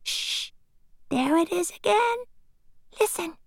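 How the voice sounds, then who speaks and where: A woman's voice: high-pitched, sing-song, slow pace, clear, resonant tone, no room sound, clean studio sound, voice pushed up, heavily acted. A woman voicing a curious, cautious young girl doll in a storybook. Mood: hushed. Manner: wondering, hushed at times.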